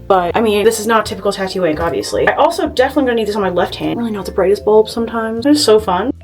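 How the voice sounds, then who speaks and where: A woman's voice: mid-range voice, rapid-fire, music in the background. A woman vlogging casually at home to a phone camera, chatty and nervous, swearing freely. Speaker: beauty vlogger.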